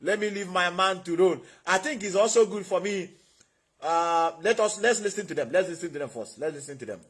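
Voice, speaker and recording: A man's voice: high voice, brisk, a bit bright, husky. A man with a Nigerian accent hosting an impassioned livestream, preaching and asking his viewers rhetorical questions. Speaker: online show host.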